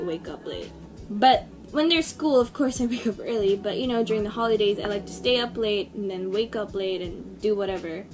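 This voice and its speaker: A young woman in her twenties, raised in Brunei, talks candidly to camera in a casual vlog. Her delivery is chatty and open, peppered with "like" and asides. A faint bed of music plays behind her. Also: a little high. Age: 20s. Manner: chatty and frank, lots of "like". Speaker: vlogger.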